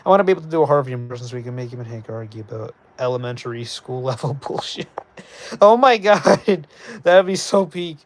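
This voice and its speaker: A man streaming live, chatting casually with his viewers and reading their messages aloud in animated bursts. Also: mid-range voice, brisk, slight background noise. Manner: animated, reads chat aloud, excitable bursts. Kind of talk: casual livestream chat.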